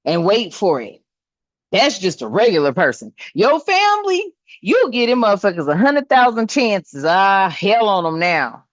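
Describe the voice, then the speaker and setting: A woman's voice: medium pitch, big pitch swings, moderate pace, no room sound. A woman doing a tarot reading in a casual chat, laughing often and swearing freely in slangy speech. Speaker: tarot reader. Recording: dull, slightly lo-fi sound.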